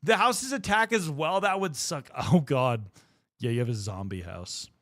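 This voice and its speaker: A man's voice: mid-range voice, sing-song, measured pace, fairly bright tone, dry recording, studio quality. A young man chatting casually on a livestream while painting miniatures, rambling and swearing freely as he talks to his viewers. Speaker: streamer.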